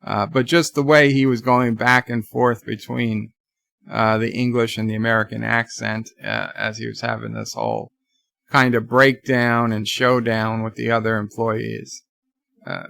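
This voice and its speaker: Man, gravelly, bright, casual rambling TV review, dry room. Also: mid-range voice, flat delivery, normal speed, no echo. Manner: rambling, many restarts, retells scenes with quoted voices. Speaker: YouTube TV reviewer. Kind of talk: casual live show review.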